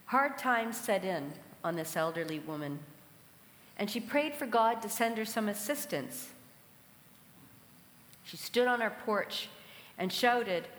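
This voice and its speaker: A woman preaching a sermon in a large hall, telling a story and asking reflective questions at a measured pace. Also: a little high, expressive, a bit bright. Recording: echoey hall with long reverb.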